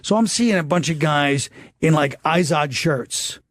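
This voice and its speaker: A man's voice: on the high side, lively intonation, measured pace, dry recording, studio quality. A man from New York with a New York accent, a guest comedian in casual chat, rambling through anecdotes and acting out what people said. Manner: rambling anecdotes with acted-out quotes.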